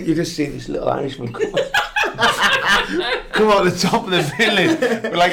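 A man's voice: sits high, wildly swooping pitch, normal speed, gravelly, over a noisy crowd. Guy spinning a footy yarn, cracks himself up, swears a lot. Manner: laughs through his stories, sweary. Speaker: podcast guest, former footballer. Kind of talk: casual anecdote telling.

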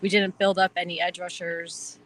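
Woman, Wisconsin accent, eager rambling interview guest, bright timbre. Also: fairly low pitch, little pitch movement, moderate pace, rough recording. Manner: enthusiastic, rambling with many fillers. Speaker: guest fan. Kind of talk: casual interview chat.

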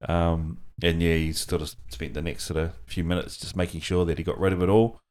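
A middle-aged man with a New Zealand accent hosting a casual podcast chat, relaxed and hesitant with many ums, laughing often. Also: deep voice, fairly quick. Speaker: podcast host.

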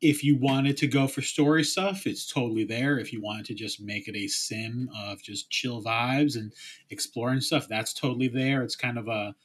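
A man with a husky, slightly breathy voice chats on a podcast. He rambles, trails off quietly and acts out little quotes. He talks casually and relaxed. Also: mid-range voice, moderate pace. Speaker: podcast co-host. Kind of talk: casual chat.

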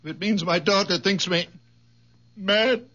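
A frail, very old mystic healer. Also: male voice, high voice, takes it slowly, exaggerated voice. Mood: frail, meek. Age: older. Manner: frail, hesitant, soft-spoken. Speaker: radio drama actor. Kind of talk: 1970s radio drama acting. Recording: dull lo-fi 1970s radio recording.

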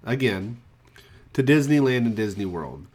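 A man's voice: mid-range voice, animated, a little slow, darkish tone. A man hosting a casual podcast, chatty and a bit wry as he runs through the news. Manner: chatty, wry about price hikes. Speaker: podcast host.

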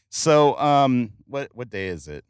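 A middle-aged man hosting a casual podcast chat in a car, joking and excitable, with many fillers. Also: medium pitch, smooth, no echo, studio quality. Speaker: podcast host. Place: in a car in traffic.

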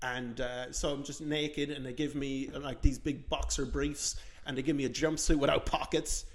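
A man's voice: mid-range voice, level tone, moderate pace. An Irish man hosting a podcast, telling a rambling, self-mocking story with lots of fillers. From Ireland. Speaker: podcast host. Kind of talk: casual comedic storytelling.

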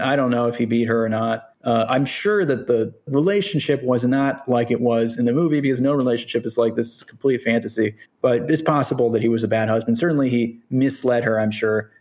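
Podcast host guy, opinionated, explains stuff as he goes, mid pitch. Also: a little mellow. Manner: opinionated, explanatory, thinking aloud. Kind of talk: casual podcast discussion.

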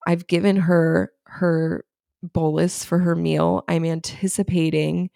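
A woman in her thirties co-hosting a podcast, chatting casually and telling lively stories about parenting a child with diabetes. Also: lowish voice, slow pace, creaky, no echo, studio quality. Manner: chatty, animated storytelling. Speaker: podcast co-host. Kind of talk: casual chat.

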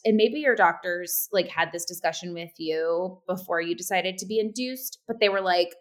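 A woman in her thirties, a podcast co-host chatting casually and acting out quoted lines with sudden pitch jumps. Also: normal speed. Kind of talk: casual chat.

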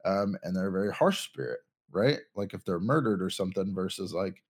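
A young man with a fairly low voice talks casually on a podcast. He rambles and thinks out loud, restarting his sentences as he goes. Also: animated, fairly quick, husky. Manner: rambling, many ums and restarts, thinking aloud. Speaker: podcast co-host. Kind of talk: casual chat.

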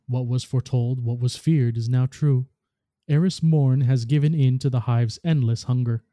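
A grim woman turned dark queen speaks steadily and gravely, read aloud by a man. The tone is very dark and mellow, and the sound is dry and close. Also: mid-range voice, no room sound, lightly acted.

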